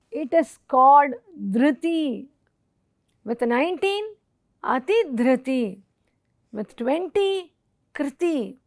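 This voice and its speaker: A woman from India delivers a recorded lecture at a slow, careful pace. Her voice sits high, and she recites Sanskrit verses and lists technical terms deliberately. The sound is dry and close. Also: dry recording. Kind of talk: educational lecture.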